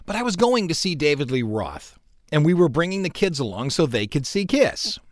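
Animated middle-aged male radio host. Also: a little high, fairly quick, dry recording, studio quality. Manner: animated storyteller, adds sound effects and mock indignation. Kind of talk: casual on-air chat.

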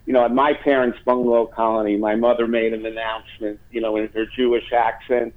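A man's voice: medium pitch, level tone, brisk. A man being interviewed as a guest, telling a story in a rambling way with many fillers and restarts. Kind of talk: phone interview. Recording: tinny phone line.

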